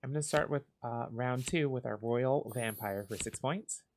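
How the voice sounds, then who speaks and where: A man giving calm, soft, unhurried commentary as he plays a cozy game for sleepy listeners. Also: mid-range voice, a little hiss or hum. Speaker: gaming channel host.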